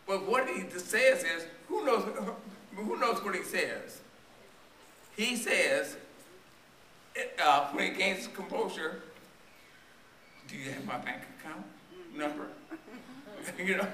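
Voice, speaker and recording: Male preacher, voice worn and straining, bright and forceful tone, tells a story in his sermon, church echo, mic far off. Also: high voice, slight background noise. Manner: storytelling sermon with call-and-response questions to the congregation. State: voice strained and tiring. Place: church sanctuary. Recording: echoey church recorded from a distance.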